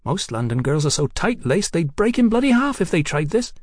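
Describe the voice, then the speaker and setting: Brief: man doing a high, loud, slurring tipsy working girl, brash and forthright, in a dry audiobook read. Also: sing-song, a little fast, no echo. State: drunk. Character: tipsy bawdy young London working woman.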